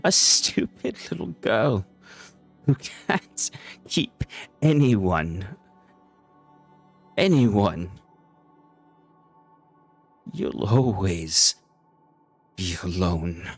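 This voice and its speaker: A man voicing a cruel female banshee-like spirit who taunts slowly and mockingly. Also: a bass voice, expressive, husky, soft background music, heavily acted. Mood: taunting. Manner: slow, mocking, drawn-out taunts.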